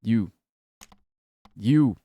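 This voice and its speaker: A man doing a heartless mother from a game story, her voice dropped low, hard and bitter. She talks down with icy scorn and a mellow, dark tone. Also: lively intonation, extremely slow, breathy edge, faint music behind, exaggerated voice. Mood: furious. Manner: icy and distant, building to screaming. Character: cold, cruel, raging mother, middle-aged woman.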